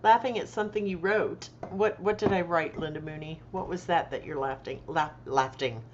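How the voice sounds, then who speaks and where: A woman's voice: low voice, normal speed, noisy background. A middle-aged woman hosting a casual livestream, chatty and tired after a long day, greeting viewers by name and laughing often. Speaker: livestream host and author. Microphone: desktop microphone. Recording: dull lo-fi livestream audio.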